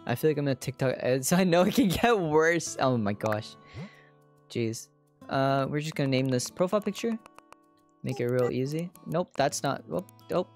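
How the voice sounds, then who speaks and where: A woman streamer casually narrating her own moves in a video game, chatty and self-deprecating, now and then breaking into loud squealing yells. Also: deep voice, animated, normal speed, faint music behind. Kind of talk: casual livestream gameplay commentary.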